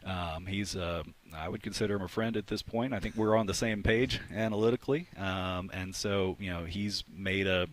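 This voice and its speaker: A man's voice: low-pitched, normal speed, few pauses. A man who teaches sports analytics, chatting eagerly in a radio interview and often restarting his phrases.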